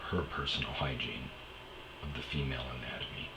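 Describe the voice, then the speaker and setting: Male podcast storyteller, low and bright timbre, frank and foul-mouthed. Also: flat delivery, brisk, reverberant, slight background noise, poor audio. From Wisconsin. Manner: blunt, profane, candid. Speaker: podcast host. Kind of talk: storytelling monologue.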